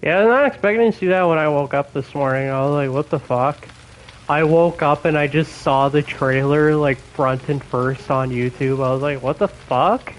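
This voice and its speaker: A young man chats casually on a gaming stream, his voice sitting a little high for a man. He swears freely and laughs between his words. A faint hiss of background noise stays under his voice. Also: normal speed, low-quality recording.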